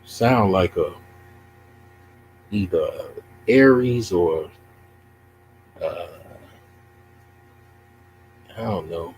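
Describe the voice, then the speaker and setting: Slow, low-voiced man taunting on stream. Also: expressive, a little mellow, slight background noise, poor audio. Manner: mocking, taunting, drawn-out questions. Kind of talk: casual livestream chat.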